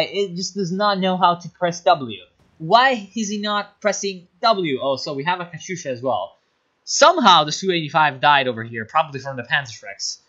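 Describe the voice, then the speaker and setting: A man casting a strategy game replay, explaining moves in an animated, exasperated way and swearing at the player's mistakes. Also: a little high. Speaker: game caster. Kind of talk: replay commentary. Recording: lo-fi muffled mic.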